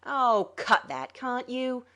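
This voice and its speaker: A cool, scheming male swindler, voiced by a woman narrator, dry and condescending. The delivery lilts up and down with animated sarcasm. Heard in a dramatic audiobook reading. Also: fairly high pitch, slow pace, voice pushed up, full character voice. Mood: smug.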